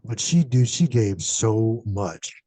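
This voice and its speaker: A man in a casual horror podcast chat, telling lively stories and swearing freely. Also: fairly low pitch, slow pace, no room sound. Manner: animated storyteller, swears casually.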